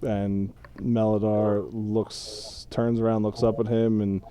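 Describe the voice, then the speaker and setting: A man narrating a tabletop role-playing game as game master, describing scenes in an unhurried way with pauses. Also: on the low side, level tone, dark tone. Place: home setup, streamed.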